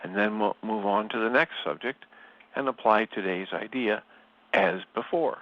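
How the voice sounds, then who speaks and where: A man leading a spiritual study, reading passages and reflecting on them in a slow, measured and thoughtful way. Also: lowish voice. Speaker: study group leader. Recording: slightly dull, lo-fi sound.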